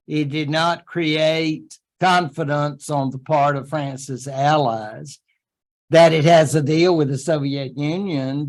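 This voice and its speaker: A man giving a history lecture to a class in a chatty way, with joking asides and quick made-up quotes. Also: on the high side.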